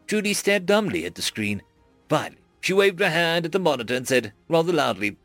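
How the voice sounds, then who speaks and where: Expressive male storyteller. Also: fairly high pitch, brisk, dry recording, faint music behind. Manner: expressive storytelling, acts out many voices. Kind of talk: scripted story narration.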